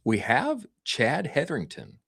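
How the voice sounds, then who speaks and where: A man hosting a business podcast, reading an ad and welcoming a guest with loud hype. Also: huge pitch swings, unhurried, gravelly, breathy edge. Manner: high-energy hype, shouting welcomes. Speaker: podcast host. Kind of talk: hyped podcast intro and ad read.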